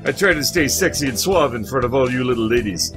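A man's voice: medium pitch, animated, fast, music in the background, lightly acted. A man doing a smug pigeon playboy in mock French. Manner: smooth, smug, flirty.

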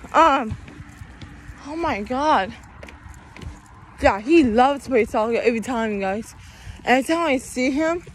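Young woman vlogger, high voice, slow rambling delivery, out of breath, phone held up outdoors. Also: slight background noise. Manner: rambling, says "you guys" constantly. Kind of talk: casual vlog chat. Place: outdoors walking around town.

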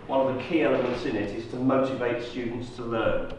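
A man giving a university lecture, lively and asking the audience rhetorical questions. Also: medium pitch, fairly quick, a little hiss or hum. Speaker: guest lecturer. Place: lecture hall. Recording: roomy echo, distant mic.

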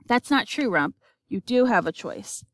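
A woman's voice: fairly high pitch, expressive, unhurried, no room sound, clean studio sound, pitched above the performer's own voice. A woman reading an audiobook, voicing a fierce, fearless young woman who speaks bluntly in a harsh whisper. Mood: urgent.

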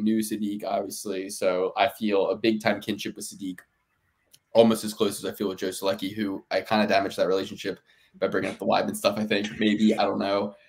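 Male podcast co-host, casual and profane, rambling fight talk. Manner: rambling, profane, laughing, lively swings in pitch and volume. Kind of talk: casual fight-betting chat.

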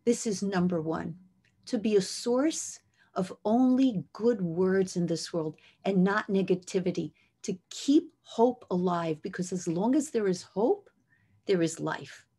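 A woman's voice: medium pitch, a little slow, dark tone, breathy edge. A woman giving an inspirational religious talk, retelling a scripture story with passion and sprinkling in Hebrew terms. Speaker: speaker, rebbetzin.

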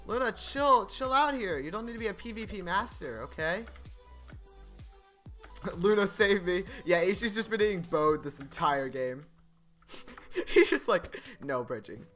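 A man streaming gameplay, chatting casually, getting excited and laughing often. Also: sits high, a little slow, long pauses, soft background music. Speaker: gaming streamer. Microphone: desk microphone.

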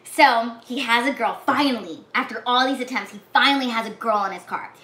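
A woman casually retelling a movie plot, talking with lots of "like"s and acting out the characters' lines in whispers and shouts. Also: fairly high pitch, a little fast. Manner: animated, many "like"s, acts out lines in whispers and shouts. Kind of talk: casual chat. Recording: echoey room with faint noise.

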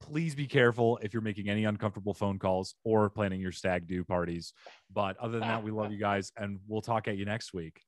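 A man's voice: lowish voice, brisk, dry recording, studio quality. A man hosting a comedy advice podcast, giving advice and signing off in an upbeat, chatty way. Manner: upbeat, animated sign-off patter. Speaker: podcast host. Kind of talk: casual podcast chat.

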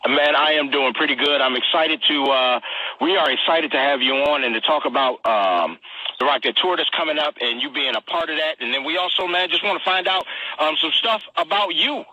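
A man hosting a live streamed interview, talking in an energetic, slangy hype style and repeating himself a lot. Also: on the high side, fairly quick, dry recording, muffled recording. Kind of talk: hyped casual live interview.

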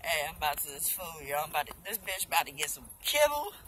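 A woman's voice: low voice, big pitch swings, quick pace, fairly bright tone, poor audio. A drunk young woman vlogging outdoors on her phone, rambling and swearing with loose banter. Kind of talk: casual rambling selfie vlog. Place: outdoors by a busy road.

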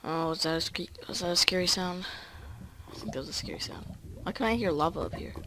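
A let's play gamer chatting casually and excitably through each move of the game. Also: mid-range voice, a little hiss or hum. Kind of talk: casual gameplay commentary.

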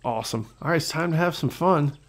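A man hosting a fishing game let's-play, joking and talking the viewer through each cast with sudden bursts of excitement. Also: a little high, fast talker. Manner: jokey, excitable, talks to the viewer. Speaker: gaming channel host.

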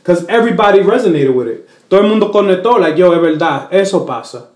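A man's voice: sits high, quick pace, roomy sound. A Dominican-born comedian chatting casually in an interview, switching between English and Spanish and putting on voices as he tells stories. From Dominican Republic. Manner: animated, puts on voices while telling stories. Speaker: comedian guest.

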